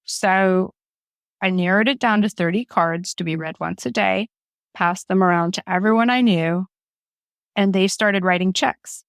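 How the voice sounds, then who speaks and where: A woman's voice: mid-range voice, measured pace, smooth, no room sound, clean studio sound. A woman guest, talking openly and emotionally about her grief and the start of her project, laughing often as she speaks. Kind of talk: candid conversational storytelling.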